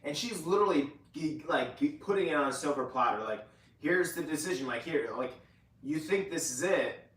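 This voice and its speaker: A man's voice: on the high side, expressive, normal speed, fairly bright tone. A man co-hosting a casual podcast, chiming in with short agreements and extra details. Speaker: podcast co-host. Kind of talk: casual recap chat. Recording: roomy echo, mic at a distance.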